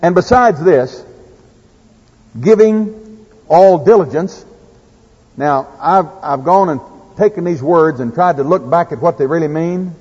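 With an Oklahoma accent, a man preaches a folksy sermon, telling farm stories and reading scripture. His voice runs on the high side with a darkish, breathy tone at normal speed. The recording is echoey, as if in a hall, and sounds dull and lo-fi.

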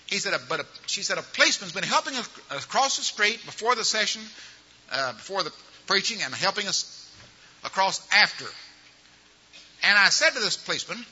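Older male preacher, high bright voice, folksy storyteller; muffled recording in a big reverberant hall. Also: husky. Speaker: evangelism trainer. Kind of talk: sermon-style training talk with stories. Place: large church or auditorium.

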